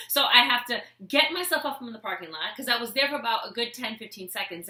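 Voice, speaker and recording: A woman vlogger telling a comic personal story with a life lesson, animated and expressive as she acts out scenes. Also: a little high, quick pace, few pauses. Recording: echoey room.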